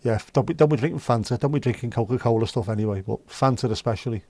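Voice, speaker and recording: A man's voice: mid-range voice, fast, mellow, no echo. A man hosting a casual livestream from his room at home, chatting with viewers in a rambling, sweary, wry way. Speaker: livestream host. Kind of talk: casual chat reading viewer comments.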